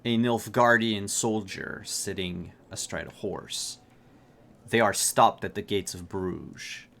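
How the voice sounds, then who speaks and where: Slow, low-voiced male game master. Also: creaky, fairly bright tone. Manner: halting, with many fillers and restarts. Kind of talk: narrating a tabletop game.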